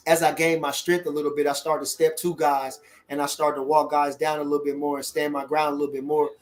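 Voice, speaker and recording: A middle-aged man hosting a casual livestream, animated and repeating catchphrases as he chats. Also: fairly high pitch. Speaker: livestream host.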